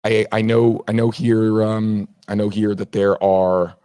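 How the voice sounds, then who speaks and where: A man's voice: fairly low pitch, monotone, a little slow, warm tone, clear, resonant tone. A man making an earnest press statement, speaking off the cuff and sometimes repeating himself as he urges patience.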